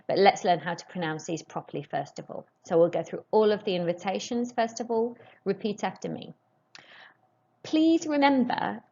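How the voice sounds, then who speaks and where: A woman's voice: lowish voice, darkish tone, muffled recording. Woman teaching French pronunciation. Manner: slow, clearly modelled French pronunciation with rising questions. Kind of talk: recorded classroom lesson.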